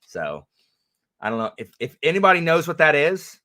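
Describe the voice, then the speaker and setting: A man's voice: fairly high pitch, very animated, moderate pace, sharp tone. A man co-hosting a casual livestream, rambling and laughing, with many restarts and fillers. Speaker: co-host of a book channel livestream.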